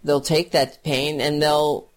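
A woman delivers heated political commentary in an unhurried, deliberate way, her voice sitting on the lower side. She sounds scornful and insulting, and her talk is halting, with frequent repeated words. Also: level tone.

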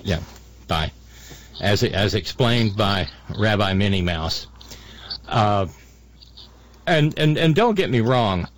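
A man's voice: fairly low pitch, animated, takes it slowly, long pauses. An older man hosting a podcast, talking in a sarcastic, mocking way with lots of ums and restarts. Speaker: podcast host. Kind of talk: casual political commentary.

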